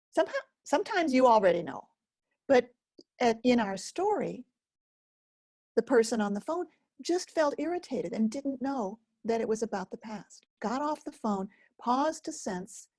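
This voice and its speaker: Gentle woman teacher with a lively, high voice. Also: slightly rough, dry recording, clean studio sound. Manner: gentle, slow and pausing, speaks as if to a listener. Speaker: focusing teacher. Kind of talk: guided self-help lesson.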